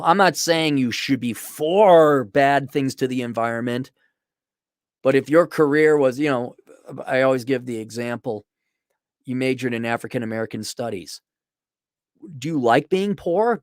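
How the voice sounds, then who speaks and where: A man's voice: medium pitch, normal speed, smooth, no room sound, clean studio sound. A middle-aged man delivering a sarcastic, ranting opinion monologue as a podcast host. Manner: sarcastic, ranting, mocking voices.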